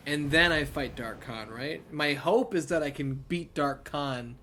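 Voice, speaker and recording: A man's voice: on the high side, a little slow, bright, forceful tone. A tired man giving casual, profane gameplay commentary late at night, rambling between laughing asides. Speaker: let's play gamer.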